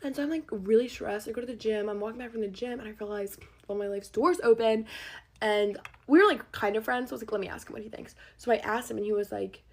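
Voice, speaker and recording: A woman's voice: on the high side, fast talker. A young woman telling a personal story in a casual, rambling way, full of fillers and acted-out quotes. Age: young adult. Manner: rambling, filler-heavy, animated retelling.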